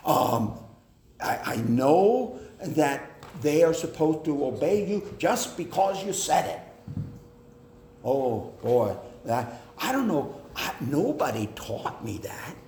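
A man preaching a sermon on family life, slow and deliberate, with hesitant fillers. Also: on the high side, big pitch swings, darkish tone. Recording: echoey hall with faint noise.

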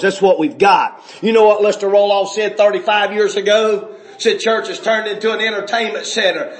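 A man preaching a fiery sermon, shouting one moment and dropping low the next. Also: echoey room. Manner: shouting, swinging between loud outbursts and low, quiet stretches.

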